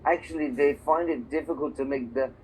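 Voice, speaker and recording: A man's voice: a little high, brisk, a little mellow, a little hiss or hum, poor audio. A man from England teaching a one-on-one English lesson, explaining patiently with examples and checking that his student follows. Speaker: English tutor.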